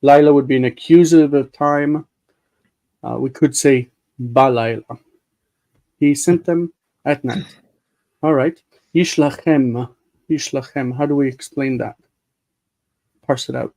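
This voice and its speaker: A man hosting a live-streamed Hebrew study group, patiently explaining grammar and sounding words out slowly. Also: mid-range voice, steady tone, warm tone, low-quality recording. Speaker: host leading a live Hebrew reading group.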